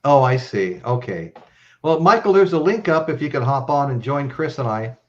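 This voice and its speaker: A man's voice: mid-range voice, lively intonation, normal speed, dull audio. Rambling man hosting a live stream. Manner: rambling storyteller, tags lines with okay. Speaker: host.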